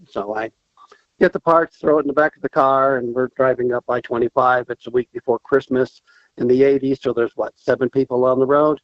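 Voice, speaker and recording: A man's voice: medium pitch, fairly even intonation, a little fast, no room sound, dull audio. A man calling in to a talk show, telling a story casually and animatedly, acting out the voices he quotes. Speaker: caller.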